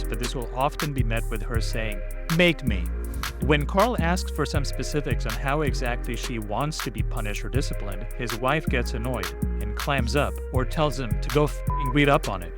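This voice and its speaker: A man co-hosting a casual podcast. He reads out a listener's question and then speculates about it thoughtfully, hedging as he goes. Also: medium pitch. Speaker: podcast co-host.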